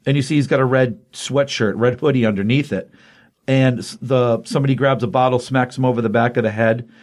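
A man's voice: medium pitch, a little fast. Man animatedly retelling a comic story. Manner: animated retelling with acted quotes. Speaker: comic book podcast co-host. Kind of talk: casual comic review chat.

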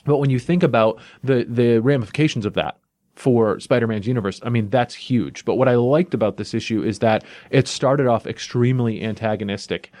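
A man hosting a comic book podcast, casually recapping a story in an animated way, often saying "you know" and "like.". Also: mid-range voice, brisk, dry recording, clean studio sound.

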